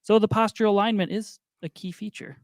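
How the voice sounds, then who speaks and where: A male podcast host explaining posture in a relaxed, casual way. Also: sits high, fast talker, no echo. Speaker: podcast host, physical therapist. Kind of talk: conversational podcast interview.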